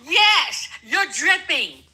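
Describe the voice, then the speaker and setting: A woman's voice: very high voice, sing-song, extremely slow, pushed and bright, low-quality recording. An older woman arguing as a guest in a heated livestream debate, blunt, confrontational and full of profanity.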